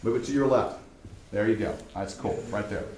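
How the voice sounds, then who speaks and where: A man hosting a live public-access show, loud and brash like a showman. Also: lowish voice, normal speed, background noise. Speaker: host. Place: small studio. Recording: echoey room from far off.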